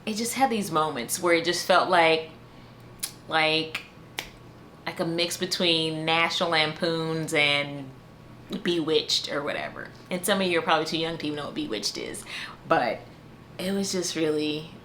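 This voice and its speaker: A woman's voice: sits low, moderate pace, a bit bright, a little hiss or hum. A woman giving a casual book review in a chatty way, full of fillers like "um" and "you know" and frequent restarts.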